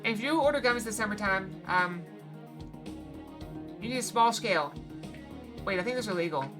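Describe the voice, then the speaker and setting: A woman streamer gives casual let's-play commentary full of rambling, joking asides. Her voice sits at a middling pitch. Loud game music plays underneath her talk. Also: expressive, fairly quick.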